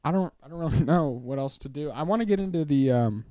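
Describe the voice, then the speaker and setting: A man's voice: fairly high pitch, animated, fast, dark tone, dry recording, studio quality. A young man hosting a live stream, chatting casually in a rambling, joking way and often laughing. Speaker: streamer host.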